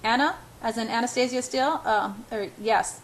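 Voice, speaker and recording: A woman reading a brisk, efficient female assistant. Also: fairly high pitch, close to an everyday voice. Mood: businesslike. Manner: brisk, businesslike.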